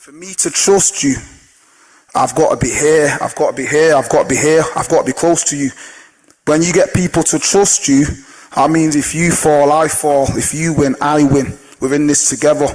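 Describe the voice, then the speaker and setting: A man who trains older people, giving an energetic motivational talk to a live audience, telling stories and putting questions to the crowd. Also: on the high side, poor audio. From Jamaican heritage. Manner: energetic storyteller, asks the audience questions, sings snatches of songs.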